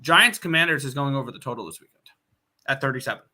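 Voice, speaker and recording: A man's voice: medium pitch, quick pace, sharp tone. A man talking betting picks in casual chat, confident and analytical. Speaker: sports handicapper.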